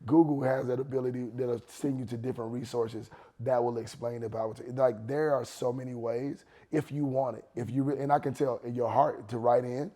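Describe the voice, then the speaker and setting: A man in his forties, a worship leader talking casually on a podcast couch, relaxed and slangy, repeating his advice for emphasis. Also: mid-range voice, fairly quick, few pauses. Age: 40s. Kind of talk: casual chat.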